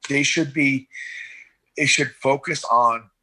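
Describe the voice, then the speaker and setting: Bright, husky man telling war stories. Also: medium pitch, takes it slowly. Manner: rambling, animated, acts out voices in anecdotes. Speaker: guest, veteran rescue swimmer and paramedic. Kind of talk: casual interview storytelling.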